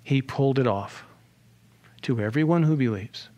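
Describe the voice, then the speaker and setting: A male pastor preaching a sermon in an animated way, with rhetorical questions and humorous asides. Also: medium pitch, normal speed.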